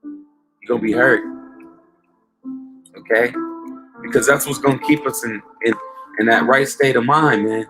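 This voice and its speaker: A man's voice: medium pitch, fairly even intonation, moderate pace, over music. A man preaching informally and emphatically, often saying "man" and asking "okay?" as he recounts a dream.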